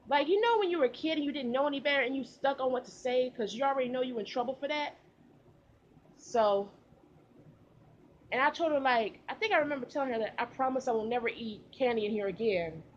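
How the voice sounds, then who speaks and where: A young woman vlogger recording outdoors, telling a casual storytime with animated delivery and slang. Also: sits high, brisk, dull audio, slight background noise. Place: outdoors in humid heat.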